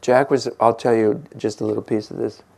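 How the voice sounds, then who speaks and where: Older male meditation teacher, gravelly, unhurried and gentle, laughs easily. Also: lowish voice, steady tone. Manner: gentle, musing, laughs often. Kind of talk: relaxed dharma talk.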